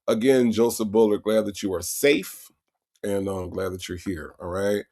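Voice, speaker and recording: Gravelly man greeting his livestream chat. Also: fairly low pitch, steady tone, moderate pace, darkish tone. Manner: greets chat viewers by name, repeats hellos. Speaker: livestream host. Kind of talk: casual livestream shout-outs.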